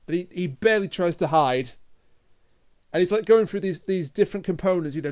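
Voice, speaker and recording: A man's voice: high voice, a little fast, a little mellow. A man hosting a podcast, reviewing an episode with enthusiastic, mock-indignant banter. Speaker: podcast host. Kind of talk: casual chat, episode review.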